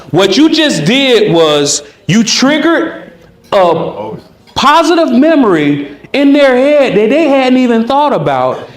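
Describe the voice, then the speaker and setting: Animated man with a high voice in an echoey room. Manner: animated, demonstrative, acts out both sides. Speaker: speaker teaching conversation skills. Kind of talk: live workshop talk.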